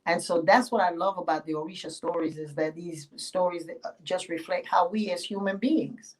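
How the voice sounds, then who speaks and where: A woman spiritual teacher telling a sacred story aloud, animated and playful, stepping in and out of character voices. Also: lowish voice, normal speed, low-quality recording. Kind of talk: oral storytelling.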